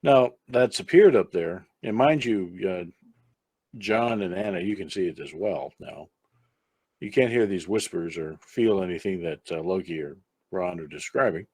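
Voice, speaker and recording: Man, game master, deep voice, husky tone, dry close sound, easygoing tabletop narration. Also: moderate pace, darkish tone, dry recording. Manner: easygoing, chatty, breaks off to talk to a pet.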